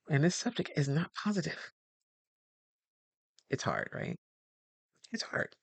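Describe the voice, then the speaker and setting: A man's voice: medium pitch, a little slow, vocal fry, pauses often, husky, no echo. A man coaching on communication in a casual, rambling talk, often acting out the people he describes and correcting himself mid-word. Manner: animated, acts out quoted dialogue.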